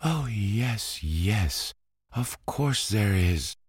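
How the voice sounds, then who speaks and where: A man's voice: low-pitched, lively intonation, slow pace, a little mellow, husky, no echo, clean studio sound, voice pushed up, heavily acted. A man voicing a small, anxious ballet girl pleading in a bedtime story reading.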